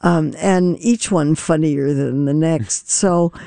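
An older woman with a gravelly, mellow voice, a nutrition expert on a radio call-in show. She speaks in a measured way and leans on her key points. The sound is close and dry. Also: deep voice, no room sound.

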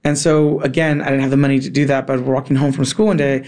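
A man from California telling a childhood story in a casual conversation, animated and full of "like", slipping in Spanish words and acting out the people in it. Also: medium pitch, fast talker. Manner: animated, acts out voices in his anecdotes, many "like" fillers; drops in Spanish words and phrases.

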